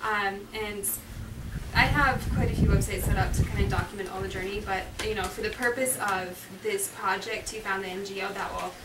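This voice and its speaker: A woman's voice: mid-range voice, steady tone, normal speed. Earnest woman, echoey and noisy. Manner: earnest, laughs often, many fillers. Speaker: guest. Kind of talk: casual interview. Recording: echoey, distant, loud noise.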